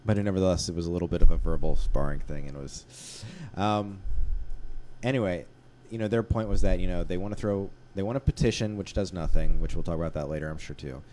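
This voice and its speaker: A man's voice: deep voice, fast, warm tone, slight background noise. A man co-hosting a casual discussion podcast, rambling with many restarts and fillers. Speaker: podcast co-host.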